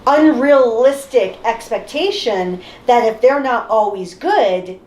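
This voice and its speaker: Lively, slow-talking woman in an echoey room. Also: a little high. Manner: chatty and animated, often breaking into laughter. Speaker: podcast co-host. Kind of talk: casual group discussion. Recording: roomy echo.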